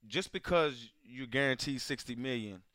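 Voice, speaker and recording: A man hosting a casual sports chat, arguing his point with slow, deliberate stresses. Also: mid-range voice, a bit bright, no room sound, clean studio sound. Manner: argumentative, drawn-out pauses for effect. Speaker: show host.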